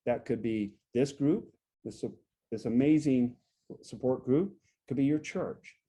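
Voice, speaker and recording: A man's voice: mid-range voice, measured pace, breathy edge. A man giving a workshop talk to a support group, explaining step by step, checking in often with "right?", and acting out sample phrases. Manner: acts out sample phrases to show a calm and an angry tone. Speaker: guest speaker on relationships.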